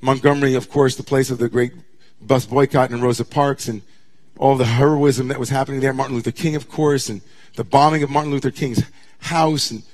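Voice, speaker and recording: A man's voice: mid-range voice, steady tone, a little fast. Man preaching a dramatic sermon. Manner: dramatic, swinging from hushed near-whispers to impassioned declamation. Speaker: rabbi.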